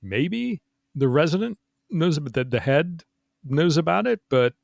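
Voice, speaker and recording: This interview guest, a middle-aged ex-counterintelligence agent, has a fairly high, expressive voice with vocal fry and speaks a little slowly. He's frank and rambling, full of "you know" and restarts, captured on a dry, clean studio recording.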